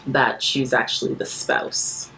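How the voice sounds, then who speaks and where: A woman in her thirties talks as a podcast guest with a notably low voice. She tells her stories earnestly and with animation, and she laughs easily along the way. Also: flat delivery, takes it slowly, vocal fry, bright, forceful tone, soft background music. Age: 30s. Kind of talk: casual chat.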